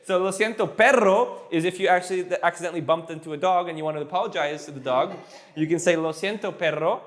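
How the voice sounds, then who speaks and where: A man with a slightly raised voice tutors a student in a relaxed session. He breaks phrases down and repeats them patiently, slowing right down to drill each word. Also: on the high side. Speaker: language teacher.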